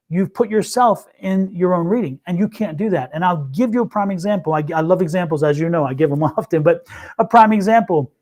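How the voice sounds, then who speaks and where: With a high voice and a darkish tone, this tarot-reading co-host tells stories earnestly on a livestream. He tends to repeat himself and restart phrases in the middle of a thought.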